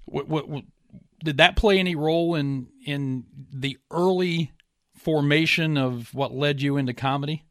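A man from West Virginia hosting an interview, asking questions in a halting way with frequent restarts. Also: a little high, no room sound, studio quality. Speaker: interview host. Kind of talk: interview chat.

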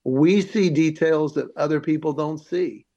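A man's voice: a little high, measured pace, dull audio. A comedian telling his story in an interview, acting out the voices of the people he quotes. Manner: animated, acts out quoted voices. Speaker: comedian guest.

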